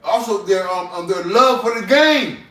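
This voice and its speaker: A man leading a casual faith group discussion, exhorting the others in a preachy way and filling pauses with strings of "um". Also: sits high, animated, a bit bright. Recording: echoey room, mic far off.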